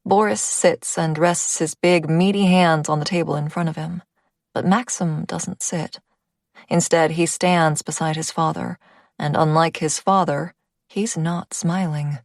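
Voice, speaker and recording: A woman's voice: sits low, steady tone, a little slow, vocal fry, no room sound, studio quality. A woman reading a first-person audiobook, intimate in tone and dropping to a whisper at tense moments. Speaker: audiobook narrator.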